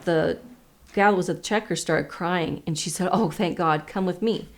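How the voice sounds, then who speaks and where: A woman recounting events in an interview, matter-of-fact and steady. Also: fairly low pitch, normal speed, slight background noise, low-quality recording. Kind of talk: interview recollection.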